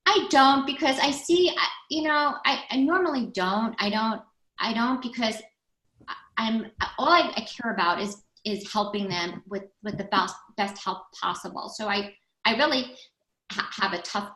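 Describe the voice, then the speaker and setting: A woman's voice: fairly high pitch, moderate pace, sharp tone. A middle-aged woman being interviewed about her recovery center, telling stories bluntly and animatedly, with frequent restarts. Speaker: guest, recovery center founder. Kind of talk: casual podcast interview. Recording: echoey room.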